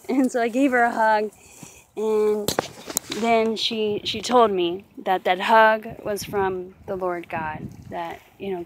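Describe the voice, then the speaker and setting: A woman giving a personal faith testimony in an earnest, halting way, often pausing with "you know". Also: mid-range voice, background noise. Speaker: testimony speaker.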